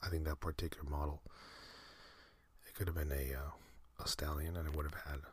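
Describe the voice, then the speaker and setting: A man hosting a sleep podcast, talking in a soft breathy whisper, slow and meandering with many fillers. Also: a bass voice, level tone, no room sound. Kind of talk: rambling whispered sleep talk.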